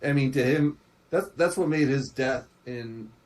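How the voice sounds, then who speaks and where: A man's voice: medium pitch, unhurried. A man co-hosting a casual pop-culture discussion, joking as he talks. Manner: animated, jokey. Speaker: podcast co-host.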